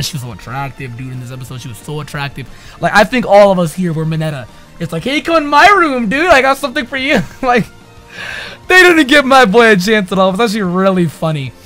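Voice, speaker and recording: A young man giving a casual, slangy anime episode review, swinging between loud excited outbursts and low mumbles.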